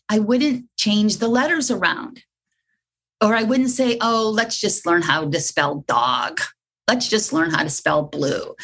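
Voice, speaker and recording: Animated woman dog trainer. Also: mid-range voice. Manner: animated, acts out dogs and students in quick voices. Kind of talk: conversational interview.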